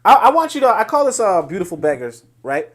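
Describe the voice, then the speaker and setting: Male podcast host, high voice, emphatic lecturing commentary. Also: big pitch swings, fast. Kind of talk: solo commentary on social media posts.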